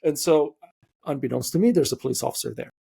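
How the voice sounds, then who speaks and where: Gravelly, husky man hosting a podcast. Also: fairly high pitch, fast talker. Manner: storytelling, animated, many fillers. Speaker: podcast host. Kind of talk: casual interview conversation.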